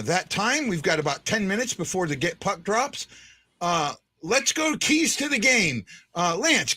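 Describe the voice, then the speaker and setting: Brief: man, emphatic hockey show host, high bright voice, very lively delivery. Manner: argumentative, emphatic. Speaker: podcast host. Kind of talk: casual sports talk.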